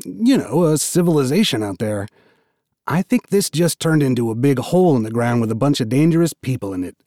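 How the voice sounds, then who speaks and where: A man's voice: mid-range voice, mellow, no room sound, studio quality. A man doing a blunt, tough prisoner. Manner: blunt, laconic and wry. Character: tough, blunt male prisoner, hardened to pain.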